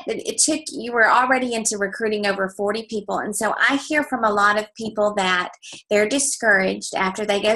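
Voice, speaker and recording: A woman's voice: mid-range voice, fairly bright tone, low-quality recording. A woman hosting a team call, enthusiastically asking her guest questions. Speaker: call host.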